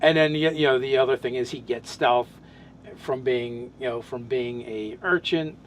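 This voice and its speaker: A man's voice: mid-range voice, normal speed, a little hiss or hum. A man in casual podcast chat, describing his tabletop game character, talking in loose, rambling sentences full of restarts and fillers.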